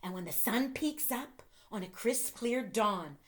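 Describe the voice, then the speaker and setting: A woman's voice: fairly high pitch, expressive, fairly bright tone. A woman reading a picture book aloud to children, playful and chatty between pages. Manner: playful, pausing to chat and laugh with young listeners.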